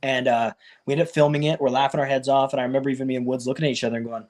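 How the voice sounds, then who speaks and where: Male wrestler guest, mid-pitched, talks fast and loose, animated when he acts out quotes. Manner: loose and conversational, many fillers like "like" and "you know". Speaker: professional wrestler telling his career story. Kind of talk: casual storytelling in an interview.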